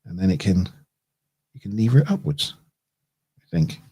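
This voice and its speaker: A man's voice: on the low side, expressive, moderate pace, creaky, dark tone, husky. A man chatting casually on a livestream as he builds a model kit, thinking aloud, chuckling and correcting himself as he goes. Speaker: streamer.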